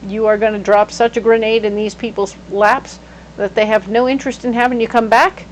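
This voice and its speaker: A woman giving a casual tarot reading, animated and playful, breaking into sudden exclamations. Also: a little high, fairly quick, a little hiss or hum, low-quality recording. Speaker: tarot reader.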